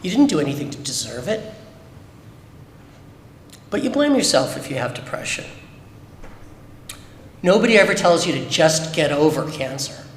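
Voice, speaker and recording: A man speaks openly to a congregation, pressing his points with rhetorical questions in a fairly high voice. His words ring out through a synagogue sanctuary with a long, echoing reverb. A faint room hum sits underneath. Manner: candid, emphatic, many rhetorical questions. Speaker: speaker at a Shabbat service. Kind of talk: personal testimony talk. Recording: echoey hall with long reverb.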